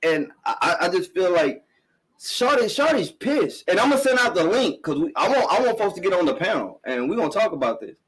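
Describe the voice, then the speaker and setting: A man's voice: high-pitched, sing-song, fairly quick, a bit bright, breathy edge, rough recording. A middle-aged man hosting a live-streamed podcast, ranting bluntly and emphatically, swearing often and repeating himself. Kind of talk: casual profane commentary rant.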